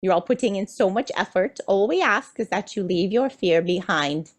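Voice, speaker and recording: Medium-pitched and animated, this woman talks at a normal speed. She's a channeler voicing a spiritual message as "we," full of playful enthusiasm, teasing the audience and checking in often with "do you see?"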